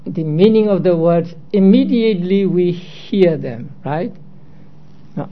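A man giving a slow, methodical lecture, explaining step by step and posing rhetorical questions to his listeners. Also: high voice. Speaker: teacher. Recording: dull lo-fi recording.

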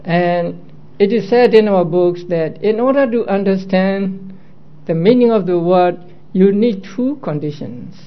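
A man giving a slow, methodical lecture, explaining step by step and posing rhetorical questions to his listeners. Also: high-pitched. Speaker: teacher. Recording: dull lo-fi recording.

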